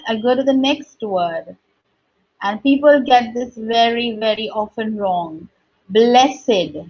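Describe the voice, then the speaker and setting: A woman teaching English pronunciation. She models each word slowly and repeats it, checking in with her listeners as she goes. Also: fairly high pitch. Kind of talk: slow, deliberate teaching with repeated model words. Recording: dull, lo-fi recording.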